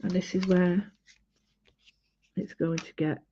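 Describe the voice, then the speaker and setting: Woman, unhurried painting tutor, rambling and halting, dull lo-fi home recording. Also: fairly low pitch, level tone, mellow, a little hiss or hum. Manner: chatty, halting, many fillers. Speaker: art tutorial host. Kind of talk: casual painting demonstration.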